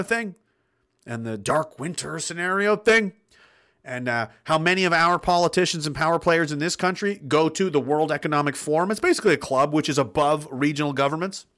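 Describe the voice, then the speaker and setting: A man's voice: a little high, a bit bright. A man hosting a livestream, reading out chat comments and ranting bluntly with lots of swearing and laughs between points. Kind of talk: casual ranting livestream talk.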